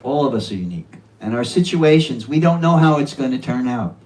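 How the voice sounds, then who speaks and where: A man's voice: mid-range voice, very animated, fairly quick, recorded from a distance, rough recording. A man in his seventies giving an earnest devotional talk at a home gathering. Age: 70s. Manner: earnest, with warm laughter and quoted asides. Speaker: speaker at a devotional home program.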